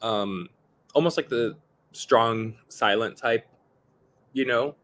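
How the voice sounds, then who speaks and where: Animated man on a video call. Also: medium pitch, slow. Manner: animated, mimics people he describes. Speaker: podcast guest. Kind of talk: casual chat.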